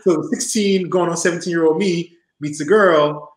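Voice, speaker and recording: A man in his forties, an interview guest telling stories in a lively, laughing way and acting out the voices of people in them. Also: a little high, moderate pace, echoey room, poor audio. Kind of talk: casual storytelling in an interview. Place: home room.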